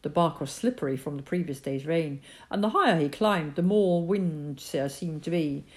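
A woman narrating a children's story in a calm, measured reading voice. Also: sits low.

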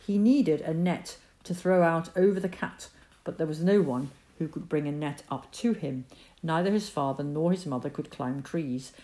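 A woman narrating a children's story in a calm, measured reading voice. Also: low voice.

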